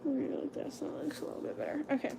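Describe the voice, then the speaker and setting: A young woman livestreaming from home at night, casually chatting to viewers as she draws lettering and talking herself through each step, sometimes in a hushed whisper. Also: rapid-fire, noisy background. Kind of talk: casual livestream chat while drawing.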